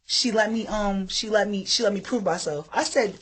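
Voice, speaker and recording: A woman's voice: medium pitch, moderate pace, a loud crowd. A woman in her thirties co-hosting a casual podcast chat, telling a story animatedly, acting out quotes and swearing freely. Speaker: podcast co-host.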